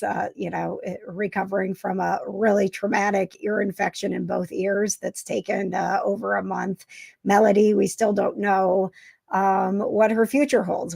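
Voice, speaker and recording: A woman hosting a casual live stream, speaking in a halting, emotional way with many fillers and restarts. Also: medium pitch, creaky, no room sound. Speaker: vlogger host.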